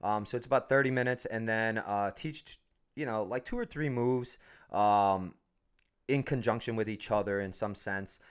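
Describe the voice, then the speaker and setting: A man's voice: lowish voice, moderate pace, clear, resonant tone. A man who runs a fight school talks in a casual podcast chat, swearing freely, rambling through stories and laughing often. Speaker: MMA fight school owner, guest.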